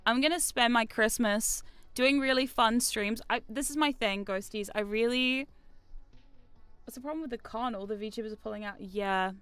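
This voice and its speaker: New woman streamer, high-ish crisp voice, rambly and self-deprecating, dry close sound. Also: normal speed, fairly bright tone, no echo. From New Zealand. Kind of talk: casual stream chat. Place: home streaming room.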